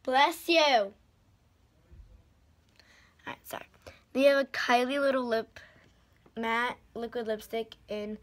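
A young woman filming an excited unboxing vlog, gushing and bubbly, with lots of "like" and "literally". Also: a little high, unhurried, long pauses. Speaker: vlogger.

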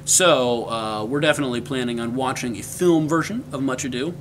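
A man's voice: medium pitch, brisk, fairly bright tone, slight background noise. A young man hosting a scripted comic vlog, talking in a playful, mock-formal way. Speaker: web series character host.

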